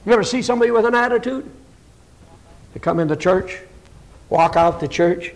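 A man with a high voice preaching a fiery sermon. He speaks emphatically and quotes old-fashioned scripture, pressing each point on his listeners. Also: expressive, brisk, vocal fry, long pauses, poor audio.

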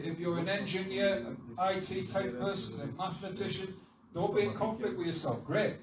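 A man preaching a fervent sermon as pastor, building to loud exhortation, recorded from a distance in a large church hall with the congregation answering. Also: high-pitched. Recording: echoey hall, voice from far off. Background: congregation responding.

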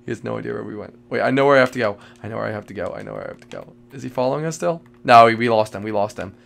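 A man giving live commentary while playing a multiplayer game, jittery and excitable, repeating phrases and breaking into sudden loud outbursts. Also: lowish voice, very fast, gravelly. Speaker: gamer playing a multiplayer survival match.

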